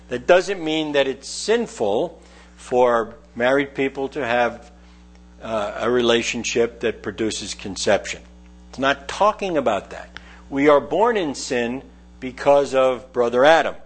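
An older man preaching a sermon in a folksy, conversational way, acting out quoted voices. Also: on the high side.

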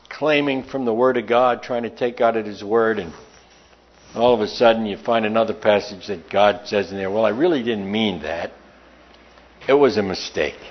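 A man's voice: fairly high pitch, muffled recording. A man preaching a sermon, emphatic and conversational, often asking his listeners questions.

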